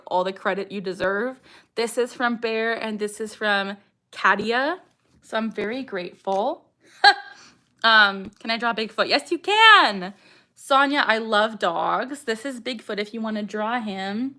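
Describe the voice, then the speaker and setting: Bright chatty young woman on a livestream, reads comments, bits of tics in between, kinda high voice. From Canada. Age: young adult. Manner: bubbly, chatty, interrupted by vocal tics. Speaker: livestream host. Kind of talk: casual livestream chat, reading comments.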